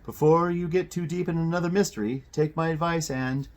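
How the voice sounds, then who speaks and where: A man's voice: on the high side, steady tone, brisk, pitched above the performer's own voice, natural voice. A man voicing a peppery, disapproving middle-aged aunt in a raised voice. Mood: tart.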